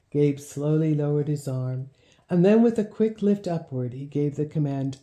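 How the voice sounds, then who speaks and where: A woman narrating a children's storybook in a measured, gently expressive reading. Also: deep voice. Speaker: audiobook narrator. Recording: roomy echo.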